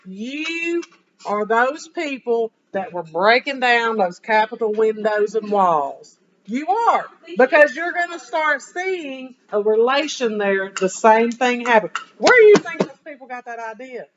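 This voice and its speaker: A woman history teacher giving an animated classroom lecture, firing rhetorical questions at her students, in a dull lo-fi classroom recording. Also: a little high, measured pace.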